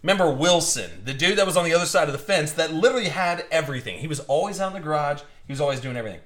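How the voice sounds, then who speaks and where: Racing along in a slightly high, somewhat bright, animated voice, a young man runs a live card break. His casual chat wanders through stories, restarting often.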